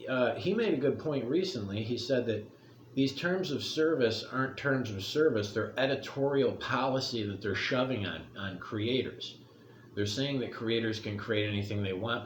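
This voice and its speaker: Middle-aged male vlogger, blunt and profane, rambles through his opinions; echoey room with faint noise behind. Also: on the low side. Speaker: commentary vlogger. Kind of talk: casual opinion rant.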